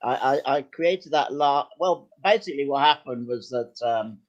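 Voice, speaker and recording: An older man, a guest actor and writer, telling lively, self-deprecating anecdotes with some hesitation in casual chat. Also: mid-range voice, moderate pace, muffled recording.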